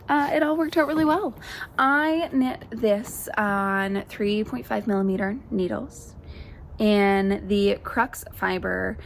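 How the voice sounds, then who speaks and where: A woman's voice: mid-range voice, slow pace, creaky, slight background noise. A young woman hosting a knitting podcast, chatting in a casual, enthusiastic, rambling way with plenty of fillers, speaking to the camera. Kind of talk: casual show-and-tell chat. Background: faint birdsong ambience.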